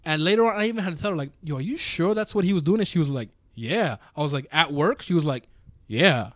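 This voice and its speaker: Fast-talking man, dry close sound. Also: fairly high pitch, animated, no echo. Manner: fast, slangy, questioning. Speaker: podcast co-host. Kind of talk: casual chat.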